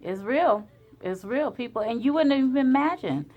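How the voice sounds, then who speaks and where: A woman's voice: fairly high pitch, lively intonation, moderate pace, phone-quality sound. A woman chatting casually as a client, mostly giving short replies and reacting to stories. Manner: responsive, lots of short replies. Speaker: client recording the session. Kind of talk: casual chat.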